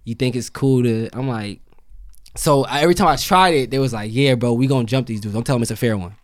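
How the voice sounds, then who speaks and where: Young man telling a story with animated quotes. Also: mid-range voice, quick pace, dry recording, clean studio sound. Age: young adult. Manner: animated storyteller who acts out quoted lines. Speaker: podcast guest. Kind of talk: casual storytelling chat.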